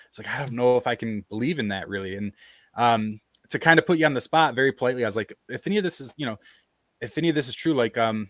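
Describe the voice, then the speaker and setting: A man hosting a podcast tells a story in easy, casual chat. He slips into quoted voices as he goes. His voice sits at a middle pitch and sounds dry and close. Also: a bit bright, no room sound. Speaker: podcast host.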